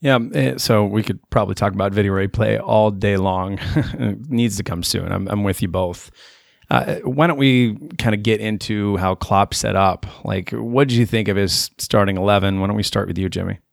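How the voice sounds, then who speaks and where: Gravelly low-voiced man hosting. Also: moderate pace, no room sound, studio quality. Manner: moderating, asks questions, brief acknowledgements. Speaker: podcast host. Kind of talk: casual sports chat.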